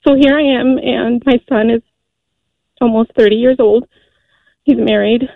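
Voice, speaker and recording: Woman, forties, phone caller, earnest, halting, slightly high voice, tinny phone sound. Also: steady tone, gravelly, no room sound. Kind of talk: call-in radio testimony.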